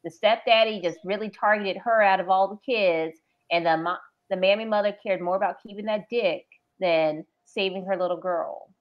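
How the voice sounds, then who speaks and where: A woman's voice: medium pitch, normal speed. A woman telling a story indignantly on a livestream panel. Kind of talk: casual chat. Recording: dull lo-fi stream audio.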